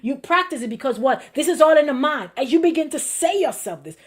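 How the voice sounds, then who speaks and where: A woman pastor preaching a sermon in a lively, conversational way, acting out inner voices and laughing along. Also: high voice, brisk.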